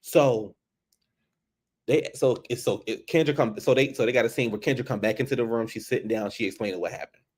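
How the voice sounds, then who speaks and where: Man, show recap, casual, animated, profane, repeats himself. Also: medium pitch, a little fast. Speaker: show reviewer. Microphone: on camera.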